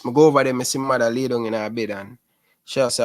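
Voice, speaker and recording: A man in his twenties with a Jamaican Patois accent, a guest telling lively stories in a casual interview. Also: medium pitch, fast. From Rema, Jamaica. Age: 20s. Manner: lively storyteller who keeps calling the host "sis".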